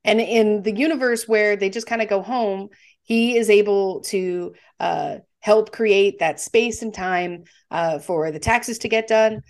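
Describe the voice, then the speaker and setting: A woman's voice: medium pitch, a little slow, a little mellow. Woman chatting casually on a podcast. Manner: chatty, retelling scenes with fillers. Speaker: podcast co-host. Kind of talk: casual movie discussion.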